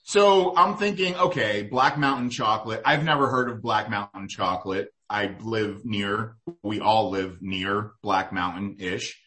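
A man's voice: fairly low pitch, measured pace, few pauses, pushed and bright. A man in casual podcast chat, rambling with lots of fillers and restarts. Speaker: guest food reporter.

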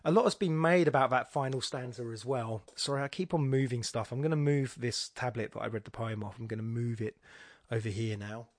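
Speaking a little quickly at a medium pitch, this man analyzes a poem on his podcast in a discursive, thinking-aloud style full of restarts. He pokes fun at himself wryly, and the studio sound is clean and echo-free.

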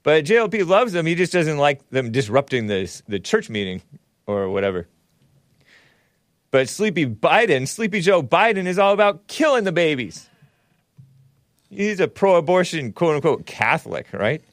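A man hosting a talk show, giving casual political commentary in a mocking tone with laughing asides and sudden jumps in pitch. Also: big pitch swings, moderate pace, no room sound, clean studio sound.

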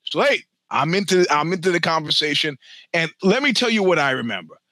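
A man's voice: a little high, expressive, brisk, pushed and bright, dry recording. A man around sixty, a podcast host, telling a long personal story in a rambling, profane, self-mocking way.

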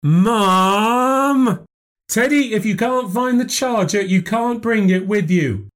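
A man's voice: on the high side, big pitch swings, normal speed, a little mellow, pitched above the performer's own voice. A man doing an impatient wife. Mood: exasperated. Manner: impatient, clipped questions. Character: harried wife and mother, impatient.

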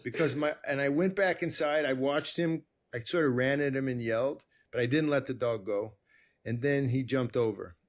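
A man hosting a conversation, telling a personal story in a rambling, animated way with many restarts. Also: medium pitch, normal speed. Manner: rambling, self-interrupting, animated. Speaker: podcast host.

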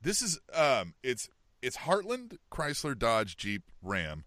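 A man's voice: medium pitch, wildly swooping pitch, slow pace, fairly bright tone, dry recording, clean studio sound. A middle-aged man from the Kansas City area, co-hosting a podcast and telling a long story in casual chat, peppering it with "you know what I mean" and "right?". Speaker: podcast co-host.

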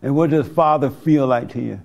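A man's voice: medium pitch, normal speed, vocal fry, darkish tone. A man interviewing people, pressing them with repeated probing questions.

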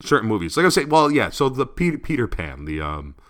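Podcast co-host, male, bright voice, rambling and opinionated, casual delivery. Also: medium pitch, sing-song, fairly quick.

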